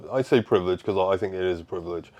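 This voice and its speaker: A man with a Welsh accent, a guest on a podcast, chatting in a relaxed, matter-of-fact way. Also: low voice, very fast. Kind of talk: casual podcast chat.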